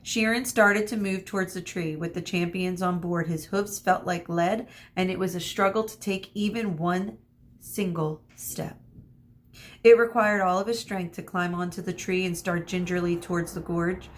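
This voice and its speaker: A woman teacher reading a chapter book aloud to children, expressive, stopping for asides to her listeners. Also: on the low side, normal speed.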